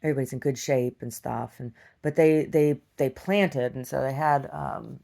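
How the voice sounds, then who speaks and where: Very low, gravelly-voiced woman rambling. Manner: halting, full of restarts and "like", shouts when acting out quotes. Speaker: video diarist. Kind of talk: rambling casual storytelling.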